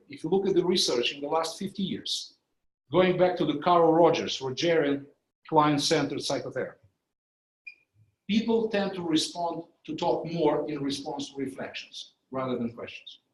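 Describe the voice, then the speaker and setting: A man giving a training lecture, explaining ideas step by step and using live demonstrations. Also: on the high side. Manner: explanatory, illustrates with live demos. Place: conference room. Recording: echoey training room.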